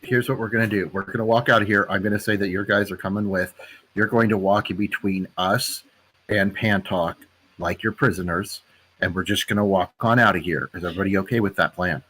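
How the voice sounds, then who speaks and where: A man playing a tabletop game, thinking through a plan out loud and second-guessing himself. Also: deep voice, steady tone, a little fast, slightly rough. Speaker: player. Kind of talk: casual tabletop game talk.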